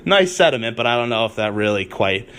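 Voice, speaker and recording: A man's voice: medium pitch, very animated, quick pace, a bit bright. A man hosting a podcast, recapping an episode in a chatty way and laughing often. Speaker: podcast host.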